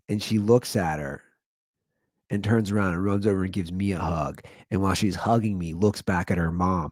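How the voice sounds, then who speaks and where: A man in his thirties hosting his own comedy podcast, rambling through a monologue and jumping into high, incredulous exclamations. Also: moderate pace, darkish tone, no echo, studio quality.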